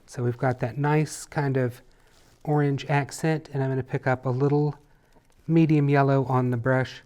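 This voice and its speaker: A man teaching a painting lesson in a relaxed tutorial, chatty and playful as he talks while he works. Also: mid-range voice, moderate pace. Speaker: painting instructor.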